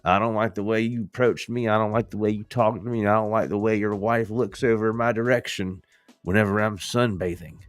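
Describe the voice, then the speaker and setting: A man's voice: fairly low pitch, fairly even intonation, a little fast, no echo, faint music behind, close to an everyday voice. A man putting on a tough-talking voice to warn off a new neighbor with stern, repeated threats.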